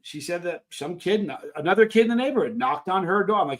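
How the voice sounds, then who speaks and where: A man's voice: high voice, fast talker. Rambling middle-aged man telling stories. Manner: rambling, animated anecdotes with frequent restarts. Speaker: host of a live Q&A stream. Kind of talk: casual storytelling to a live chat.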